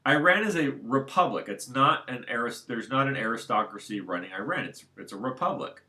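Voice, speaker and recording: A man's voice: medium pitch, lively intonation, brisk, bright, forceful tone. A man talking alone at home in a casual, unscripted monologue, rambling and circling back to his points. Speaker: solo commentator.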